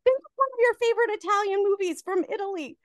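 High-voiced wry woman co-host. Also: quick pace, no room sound, clean studio sound. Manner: blunt, wry, teasing. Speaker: podcast co-host. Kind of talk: casual drunk movie-review chat.

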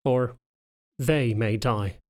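A man reading the lines of a frightened young pregnant anthro woman in an audiobook, speaking softly and hesitantly. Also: medium pitch, extremely slow. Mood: fearful, subdued. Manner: soft, trembling, hesitant.

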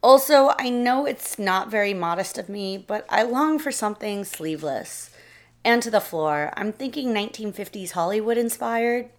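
A woman voicing an excited young bride, speaking eagerly and earnestly. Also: mid-range voice, moderate pace, voice pushed up, close to an everyday voice. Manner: eager, earnest, a bit pleading.

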